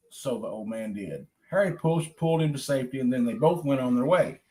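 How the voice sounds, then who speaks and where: A man's voice: mid-range voice, brisk, hardly any pauses, warm tone, rough recording. A man reading a children's story aloud in a casual, chatty way, breaking off to talk to people nearby. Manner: chatty, digresses to talk to others.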